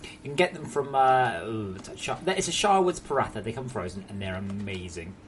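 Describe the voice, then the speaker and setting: A man's voice: on the low side, lively intonation, a little fast, noisy background. A young English man chatting casually while streaming a game at home, joking and swearing freely. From England. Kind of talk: casual live-stream chat.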